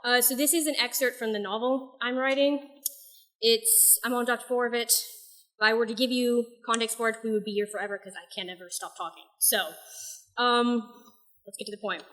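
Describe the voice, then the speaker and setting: A young woman reading her own poetry and a novel excerpt aloud at an open mic night, soft-spoken and a little self-deprecating between pieces. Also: fairly high pitch, fairly even intonation, normal speed.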